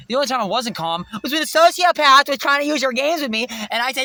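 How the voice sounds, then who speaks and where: A man ranting to camera in a rambling, profane monologue, swinging between shouting and muttering. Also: very high-pitched, animated, quick pace, hardly any pauses, no room sound. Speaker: vlogger.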